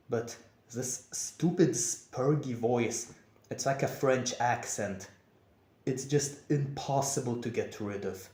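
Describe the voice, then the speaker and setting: A young man talking in a confessional vlog, with a monotone, over-enunciated delivery. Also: mid-range voice. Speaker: vlogger. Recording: echoey room.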